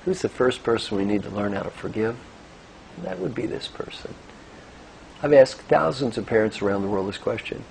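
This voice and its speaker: Gravelly, animated older male speaker. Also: lowish voice, moderate pace, slight background noise, poor audio. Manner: animated storytelling, gentle coaching. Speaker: executive coach. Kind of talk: motivational talk with guided exercise.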